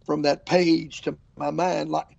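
A man's voice: fairly high pitch, a little slow, gravelly, dry recording, lo-fi sound. An older man, an evangelist telling stories in a casual interview and acting out what people said. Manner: animated storyteller, acts out quotes. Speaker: traveling evangelist preacher.

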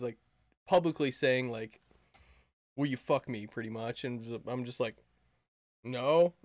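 A young man co-hosting a podcast tells a crude, rambling story in casual chat, full of fillers and laughter. His medium-pitched voice comes through clean studio sound with no echo.

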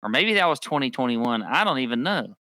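A man's voice: medium pitch, very animated, fairly quick, bright, forceful tone, dry recording, clean studio sound. A man co-hosting a podcast, teasing his partner in casual chat. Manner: teasing, laid-back. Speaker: podcast co-host.

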